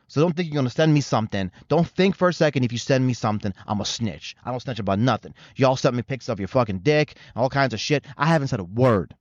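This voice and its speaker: A man's voice: medium pitch, animated, quick pace, few pauses, no echo. A man hosting his own show, delivering a rambling, sarcastic comedic rant full of profanity. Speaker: show host. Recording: slightly muffled dry recording.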